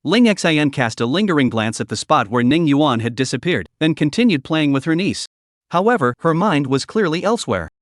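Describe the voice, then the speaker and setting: A man reads a comic story recap in a scripted, storytelling manner. His voice is fairly high and very animated. The recording is close and dry with no room sound. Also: moderate pace, no room sound. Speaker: recap narrator.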